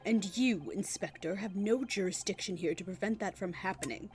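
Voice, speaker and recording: A woman voicing a cold, haughty male prosecutor in a video game, measured and formal. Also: medium pitch, expressive, a little mellow, soft background music, natural voice. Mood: stern.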